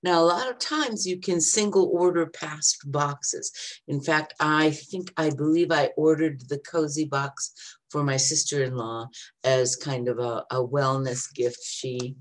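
An older woman in her seventies with a low voice talks at an easy, slow pace. She chats through an unboxing vlog, drifting into little asides and reading labels aloud. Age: 70s. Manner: chatty and meandering, reads product labels aloud. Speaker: vlogger.

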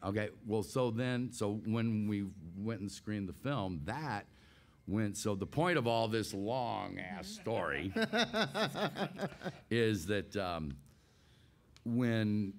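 Older man, lowish voice, animated storyteller who laughs a lot, guest on an interview show. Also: slow pace, pauses often. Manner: animated, laughs often, re-enacts scenes. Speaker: guest voice actor. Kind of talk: casual anecdotal storytelling.

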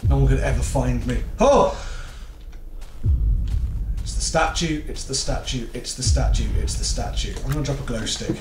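A man's voice: medium pitch, fairly quick, few pauses, reverberant, background noise. Jumpy man narrating a horror game. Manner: jittery, swearing, muttering to himself. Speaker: gaming video host.

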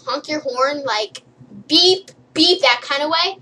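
Brief: high-pitched young female vlogger, playful and rambling, tossing off jokey tips. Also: takes it slowly, pushed and bright, a little hiss or hum, rough recording. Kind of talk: silly comedic list vlog.

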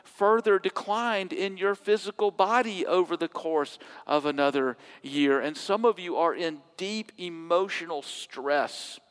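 A man preaching a sermon, emphatic and given to repeating key phrases, at times dropping to soft, intimate tones. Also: high-pitched, measured pace, few pauses, smooth. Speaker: pastor. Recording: long hall reverb.

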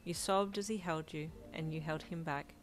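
Low-toned woman narrating fanfiction. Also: normal speed. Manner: steady, gentle storytelling. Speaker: fanfiction reader. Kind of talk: scripted narration.

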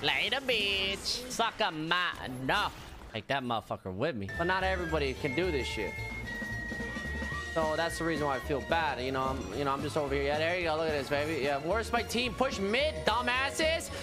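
Male game streamer, loud profane trash talker, lively swooping delivery. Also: a little high, a little fast. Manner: hyped, profane trash talk; loud taunting catchphrases. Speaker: gaming streamer. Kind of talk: live gameplay commentary. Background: music.

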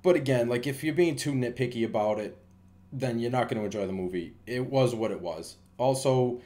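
A man's voice: mid-range voice, a little fast, warm tone. A man giving a casual, rambling movie review, with lots of fillers and restarts.

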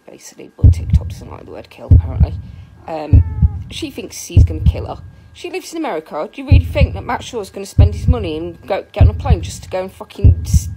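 A woman's voice: on the low side, a little fast, very noisy. A woman ranting angrily to camera, swearing often and talking with heat. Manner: furious, swearing, animated. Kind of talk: angry rant to camera.

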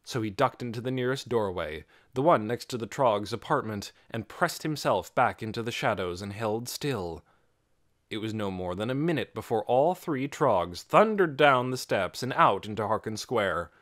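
A man reading an audiobook aloud with expressive storytelling. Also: fairly low pitch, normal speed, no echo, studio quality. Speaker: audiobook narrator. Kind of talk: scripted audiobook narration.

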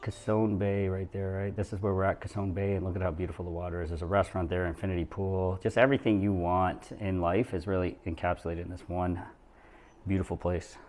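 Excited, emotional man vlogging to camera. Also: low-pitched, fairly quick, slight background noise. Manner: excited, emotional, talks straight to viewers. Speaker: real estate agent. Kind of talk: vlog narration to camera. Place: condo overlooking the ocean.

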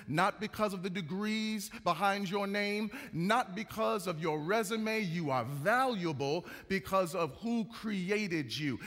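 A man with a high, ringing voice delivers a sermon in a rising, rhythmic preaching cadence. His words carry with a long reverb through a large church hall. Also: fairly bright tone.

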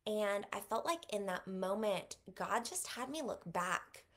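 A woman in her thirties, an author talking as a guest on an interview podcast, who retells a personal story vividly, going soft and slow at the moving parts. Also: mid-range voice, animated. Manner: vivid retelling, speaks softly and slows at moving moments.

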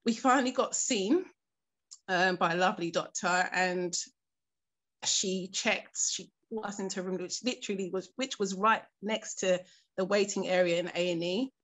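A woman giving personal testimony for a documentary interview, with a voice in the middle of the usual range for a woman. She speaks earnestly and haltingly, with many pauses and fillers. She keeps her composure as she recounts something painful. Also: mid-range voice, fairly bright tone.

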